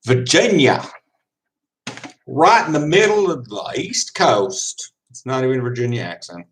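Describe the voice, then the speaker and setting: A man's voice: medium pitch, lively intonation, a bit bright, a little hiss or hum. A man with a mid-range voice chats casually with his stream viewers. He is loose and rambling, and laughs easily between thoughts. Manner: laid-back and rambling, laughs often, quick asides. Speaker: football player chatting with viewers on stream. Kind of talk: casual livestream chat, answering comments.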